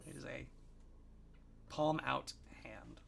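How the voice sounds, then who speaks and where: A man's voice: mid-range voice, slow pace, gravelly, noisy background. A man running a tabletop game as game master, narrating casually with many fillers.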